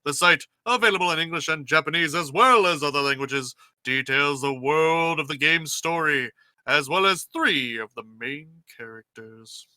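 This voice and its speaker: A man's voice: a little high, pushed and bright, no room sound. A man co-hosting a casual podcast, eager and reading news aloud. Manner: eager, reads news with drawn-out pauses. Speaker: podcast co-host.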